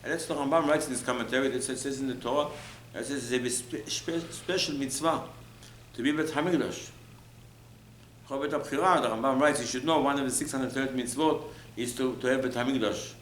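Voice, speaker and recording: A man's voice: medium pitch, brisk, echoey room, slight background noise, poor audio. A male rabbi giving an emphatic Torah lecture, repeating phrases, asking rhetorical questions and mixing in Hebrew terms. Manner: mixes in Hebrew and Aramaic terms.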